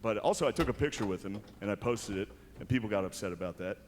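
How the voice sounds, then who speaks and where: A man's voice: fairly low pitch, lively intonation, fast, slight background noise. A man doing a stand-up monologue as an awards show host, delivering dryly and slipping into exaggerated impressions on a large arena stage. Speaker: comedian hosting an awards show.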